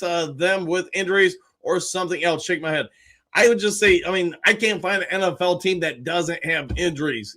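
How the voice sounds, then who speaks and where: A man hosting a fan live stream, chatting casually and reading viewer comments aloud with greetings and quick replies. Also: sits high, sharp tone.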